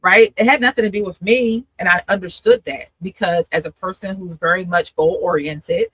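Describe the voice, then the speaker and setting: Bright-voiced woman sharing an emotional testimony. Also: lowish voice, fairly even intonation, normal speed, husky, dry recording, poor audio. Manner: emotional, laughing often, acting out her own past voice. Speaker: host and coach. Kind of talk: candid testimony in a live conversation.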